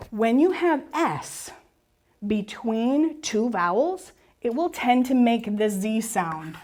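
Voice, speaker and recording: A woman teaching a class on spelling and syllable rules, encouraging and asking questions she answers herself. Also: a little high. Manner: lively, encouraging, asks and answers her own questions.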